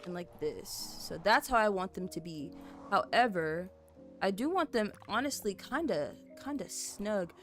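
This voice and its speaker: A woman's voice: mid-range voice, animated, measured pace. Rambling young woman streamer. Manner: chatty, rambling, many fillers and giggles. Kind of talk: casual rambling game stream chat. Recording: soft music playing behind. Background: faint background music.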